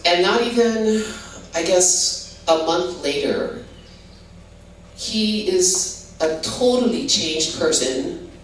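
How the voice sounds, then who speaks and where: A woman's voice: fairly low pitch, animated, slow pace. An older woman from Hawaii, telling her testimony in a rambling, casual way full of "you know" and restarts. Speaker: guest giving a testimony. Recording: roomy, distant mic with faint background noise.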